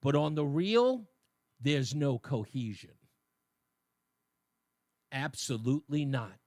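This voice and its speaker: A man's voice: medium pitch, big pitch swings, takes it slowly, a little mellow, no echo. A man hosting a talk radio show, delivering a colloquial opinion monologue with mocking asides into a studio microphone.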